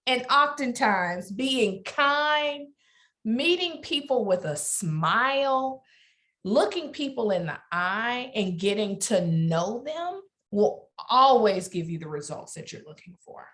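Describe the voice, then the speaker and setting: A middle-aged woman with a Southern US accent answers interview questions. She talks slowly and earnestly, at an even, unhurried pace. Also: on the high side. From Alabama. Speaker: guest lawyer. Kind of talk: interview conversation.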